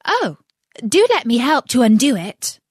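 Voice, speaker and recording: A woman's voice: a little high, sing-song, measured pace, dry recording, clean studio sound, voice pushed up. A woman voicing Alice, a polite and eager young girl, in a storybook reading, raising her voice above her narration. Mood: pleading. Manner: earnest, pleading.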